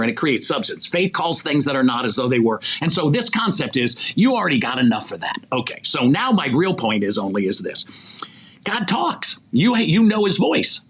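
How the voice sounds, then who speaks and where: Male podcast guest, recruiter type, sermon-like motivational talk, lively swinging pitch, breathy edge. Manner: animated, preachy, asks rhetorical questions. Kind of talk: faith-centered motivational conversation.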